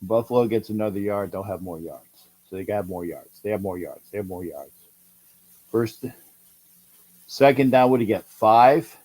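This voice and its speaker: A middle-aged man hosting a livestream, calling a football game and answering chat, excitable and repeating himself as he urges his team on. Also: fairly low pitch, normal speed, breathy edge. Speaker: livestream host. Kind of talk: live game-watch commentary with chat.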